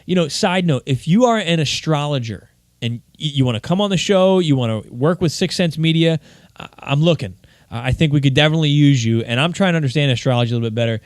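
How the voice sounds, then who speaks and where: A man's voice: on the high side, expressive, quick pace, no room sound, clean studio sound. A man hosting his own podcast, talking alone in a rambling, worked-up way with many restarts. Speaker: podcast host. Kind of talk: solo podcast monologue.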